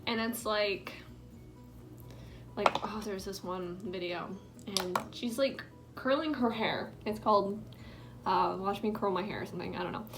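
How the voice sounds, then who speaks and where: A woman's voice: mid-range voice, measured pace, long pauses, over music. A young woman chatting in a rambling, filler-heavy way while doing her makeup at home, sometimes dropping into a whisper. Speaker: vlogger. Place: indoors at home.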